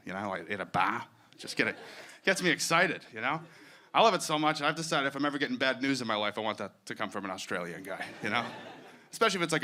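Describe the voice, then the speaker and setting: A man doing a stand-up set on a comedy stage, self-deprecating and profane, telling his stories in an animated way. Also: mid-range voice. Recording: live set with clear background noise.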